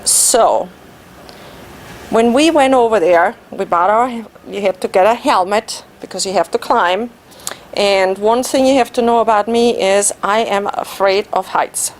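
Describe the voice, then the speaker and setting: A woman whose first language is German, giving an animated personal story speech at a club meeting and laughing at herself. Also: mid-range voice, a little slow. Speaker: Toastmasters speaker.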